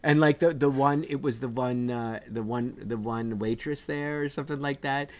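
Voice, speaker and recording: A man's voice: mid-range voice, steady tone, moderate pace. A man chats casually as a podcast co-host, his thoughts spilling out with many "like"s and "uh"s. His voice sits in an ordinary mid range. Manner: rambling, filler-heavy. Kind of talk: casual chat.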